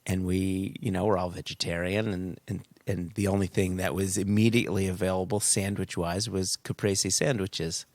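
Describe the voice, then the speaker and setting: A middle-aged man co-hosting a casual podcast, his voice sitting on the low side and recorded dry and close. He tells stories in an animated way and laughs easily at his own expense. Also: moderate pace, hardly any pauses, no echo. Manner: animated storyteller, laughs at himself. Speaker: podcast co-host.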